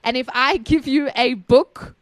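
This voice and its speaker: Woman co-host, slightly high voice, dry close sound, reads lines with careful stress, patient explainer. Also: a little slow, fairly bright tone, no room sound. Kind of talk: casual group chat, reading examples aloud.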